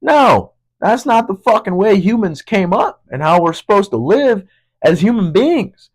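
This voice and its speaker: A man's voice: sits high, big pitch swings, a little slow, low-quality recording. A young man hosting a podcast, talking in a casual, rambling monologue that is heavy with swearing. He often hunts for words, and his voice keeps cracking. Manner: profane, rambling, searching for words. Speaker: podcast host.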